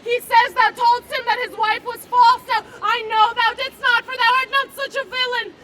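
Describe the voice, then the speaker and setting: A woman's voice: very high voice, flat delivery, moderate pace. A teen girl playing a loyal furious maidservant. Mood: anguished. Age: teens. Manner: grieving, scolding, crying out. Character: loyal outraged maidservant Emilia. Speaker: student actor. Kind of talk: outdoor Shakespeare performance. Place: outdoor park stage. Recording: noisy outdoor park performance with crowd.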